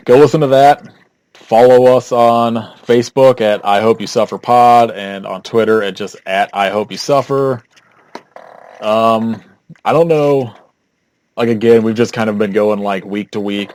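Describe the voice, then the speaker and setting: A man's voice: lowish voice, fairly even intonation, a little slow, darkish tone. A young man co-hosting a podcast in casual chat, rambling with fillers and laughing often. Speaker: podcast co-host.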